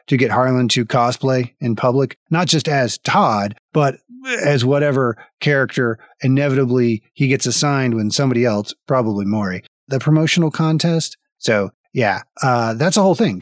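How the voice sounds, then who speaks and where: A man's voice: mid-range voice, no room sound. A man running a tabletop game as dungeon master, wry and rambling, swearing often as he reads out thanks.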